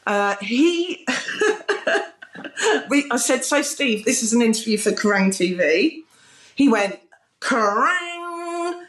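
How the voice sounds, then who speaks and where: A British woman, a former music TV presenter, telling lively anecdotes with frequent laughter in a casual interview. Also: on the high side, roomy sound. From Britain. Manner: bubbly, laughing, animated anecdotes with mimicked quotes.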